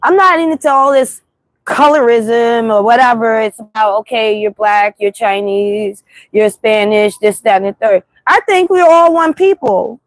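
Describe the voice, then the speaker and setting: Blunt, high-voiced New York woman ranting. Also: a little slow, no echo. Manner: animated, blunt, repetitive storytelling. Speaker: livestream host. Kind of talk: casual livestream monologue. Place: city street at night.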